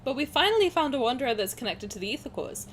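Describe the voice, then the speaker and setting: A young woman streaming a game, chatting casually with viewers, swearing, getting excited, with a sore throat. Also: high-pitched, quick pace, slight background noise.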